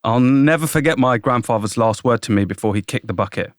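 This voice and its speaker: A man's voice: medium pitch, brisk, clear, resonant tone, no echo. A man co-hosting a casual podcast chat, telling jokes in a dry, teasing way. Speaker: podcast co-host.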